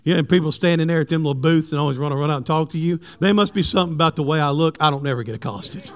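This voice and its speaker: A male pastor, preaching a sermon with animated, humorous stories for his congregation. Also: fairly high pitch, rapid-fire. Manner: animated storytelling, jokes with the congregation.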